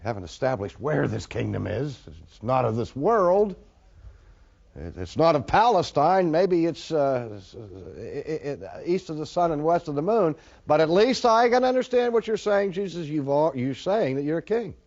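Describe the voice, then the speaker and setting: A man's voice: on the high side, sing-song, normal speed, creaky, darkish tone, full character voice. A man voicing Pilate as a skeptical, needling Roman governor, in a dull lo-fi recording.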